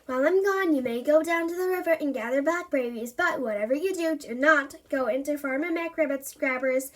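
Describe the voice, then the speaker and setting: A woman's voice: high-pitched, lightly acted. Lady doing a mama rabbit, stern and warning, storybook style. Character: caring stern mother rabbit.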